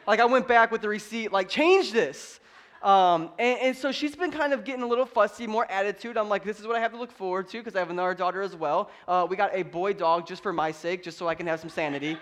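A high-pitched man in his thirties delivers a sermon in a relaxed, conversational way. He mixes humor with his preaching. At key points he builds to loud, emphatic declarations. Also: quick pace, hardly any pauses. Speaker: pastor.

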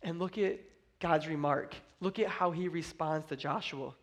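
A man's voice: fairly high pitch, moderate pace. A young man preaching a sermon as a pastor, speaking with fervent, emphatic energy and acting out scripture quotes.

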